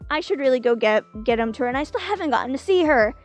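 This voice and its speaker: A woman's voice: high voice, animated, quick pace, soft background music. A woman doing a hapless young driver. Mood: casual.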